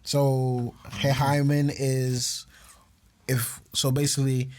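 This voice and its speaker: A man's voice: medium pitch, little pitch movement, slow, darkish tone. A young man, co-hosting a podcast in slangy, laugh-filled casual chat. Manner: laughs often, slangy banter. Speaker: podcast co-host.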